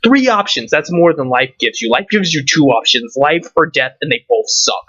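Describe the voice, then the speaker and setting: A man's voice: on the high side, animated, normal speed, pushed and bright, breathy edge, no room sound. A man ranting and swearing to camera, firing off rhetorical questions. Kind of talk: profane rant to camera. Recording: dull lo-fi recording.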